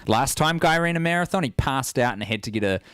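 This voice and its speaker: A man's voice: medium pitch, lively intonation, quick pace, a bit bright, smooth, dry recording, studio quality. A man co-hosting a comedy podcast, chatting in an easygoing, teasing way. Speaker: podcast co-host. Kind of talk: casual comedic chat.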